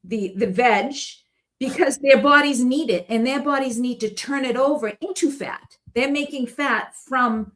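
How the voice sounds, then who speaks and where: A woman's voice: high voice, measured pace, a bit bright. A woman guest in casual conversation, telling stories in a chatty way and laughing often. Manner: chatty storytelling with frequent laughs.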